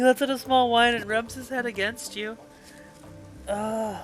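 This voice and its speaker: A woman's voice: mid-range voice, a little slow, fairly bright tone, soft background music. A woman streaming a game live, reading its text aloud and reacting with gushing, emotional outbursts. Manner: gushing, emotional reactions between read passages.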